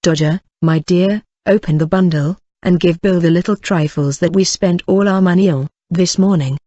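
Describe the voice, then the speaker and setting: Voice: mid-range voice, steady tone, moderate pace, warm tone, dry recording, lo-fi sound, close to an everyday voice. An audiobook reader voicing a sly old man who wheedles and calls everyone "my dear". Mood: wheedling.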